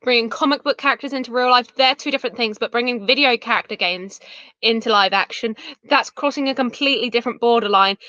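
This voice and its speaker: A woman co-hosting a casual fan chat, agreeing quickly and chiming in. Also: on the high side, bright, forceful tone, dry recording, lo-fi sound. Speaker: podcast co-host.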